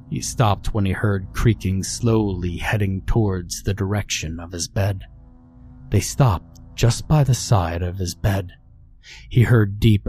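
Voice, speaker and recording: A man narrating a scripted horror story in a slow, measured, brooding way. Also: lowish voice, dark tone.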